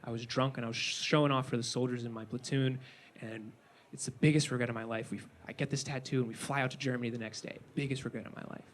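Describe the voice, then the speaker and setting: A man doing a hushed, grave old grandpa. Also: steady tone, fast, natural voice. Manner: low, hushed and solemn. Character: old male war veteran grandfather, regretful and grave. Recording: noisy live room recording.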